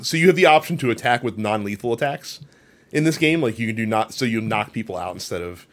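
A man co-hosting a gaming podcast, telling a long game story in a rambling, animated way, full of fillers and swearing. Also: fairly low pitch, fast talker. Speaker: podcast co-host. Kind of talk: casual chat.

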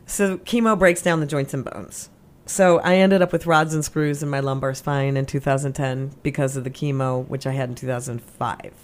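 A woman telling stories in casual conversation, animated, acting out quotes with laughs and gasps. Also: extremely low pitch, normal speed.

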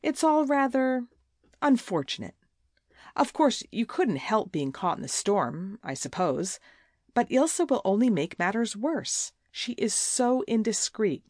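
A woman's voice: fairly high pitch, very animated, measured pace, darkish tone, no echo, studio quality, pitched above the performer's own voice. A woman voicing a crafty, whining teenage schoolgirl who pleads and stammers tearfully in a storybook reading. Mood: insinuating.

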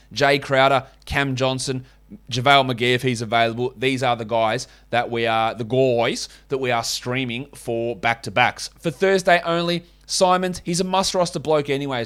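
A man's voice: mid-range voice, a bit bright. A man with an Australian accent hosting a podcast, giving casual, blunt and opinionated sports analysis and swearing now and then. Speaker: podcast host.

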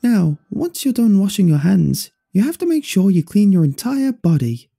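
A man doing a shrill, bossy puppet Eve. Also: very animated, gravelly, dark tone, husky, heavily acted. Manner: high scolding singsong, slowed and drawn out. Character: bossy shrill female hand puppet, prim and cruel.

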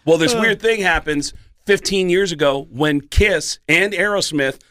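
A man's voice: on the high side, a little slow, no room sound, studio quality. A man, a comedian guest, telling stories in casual podcast chat and slipping into impressions. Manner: animated, slips into impressions.

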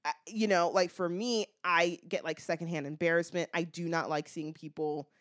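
A woman's voice: fairly low pitch, fairly even intonation, moderate pace. Chatty American woman podcast co-host. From United States. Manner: chatty, many "like" fillers, reflective. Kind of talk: casual chat.

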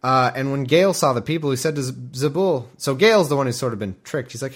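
A man's voice: mid-range voice, brisk, few pauses. A man hosting a podcast, reading scripture with jokey asides, rambling and wired on caffeine. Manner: rambling, self-interrupting, jokey. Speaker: podcast host.

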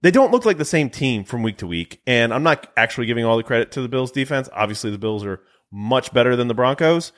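A man co-hosting a sports podcast, talking in an animated, bantering way. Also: mid-range voice, fast, few pauses. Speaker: podcast co-host. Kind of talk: casual sports chat.

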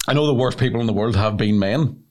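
A man's voice: mid-range voice, quick pace. A man co-hosting a casual comedy chat, jokey and swearing freely. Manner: animated, jokey, swearing, does silly voices. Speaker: podcast co-host.

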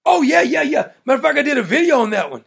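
A man's voice: very high voice, big pitch swings, rapid-fire, creaky, fairly bright tone. A man hosting a political talk show, ranting in an emphatic, mocking, blunt way. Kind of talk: opinionated political rant.

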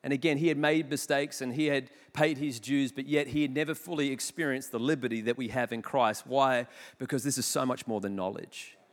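A man, preaching a sermon. He tells stories in an animated, jokey, self-deprecating way, with sudden loud bursts. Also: medium pitch, fairly quick. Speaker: pastor. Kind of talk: sermon with storytelling. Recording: long hall reverb.

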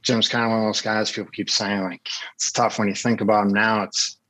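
Lowish-voiced guy telling a laid back story, lots of likes and uhs. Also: brisk, poor audio. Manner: relaxed anecdotal storyteller. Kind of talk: casual storytelling.

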